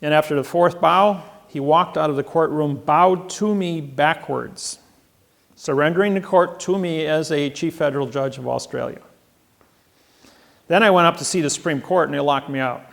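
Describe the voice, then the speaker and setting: Gravelly man lecturing at a seminar. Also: fairly high pitch, normal speed, a bit bright. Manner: storytelling, acts out quoted exchanges with raised voice.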